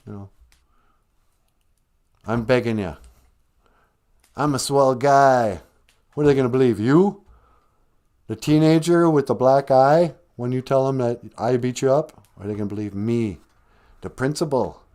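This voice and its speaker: A man voicing a stern, bullying male high school principal who talks in a sarcastic, taunting way. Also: measured pace, long pauses, a little mellow, lightly acted. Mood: menacing.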